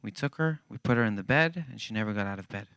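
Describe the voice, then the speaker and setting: A man preaching to a church congregation, acting out each character in his story with lively energy. His voice is bright and smooth, and it is recorded close and dry. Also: on the low side, quick pace, no room sound. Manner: animated storyteller acting out dialogue. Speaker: guest speaker at a church.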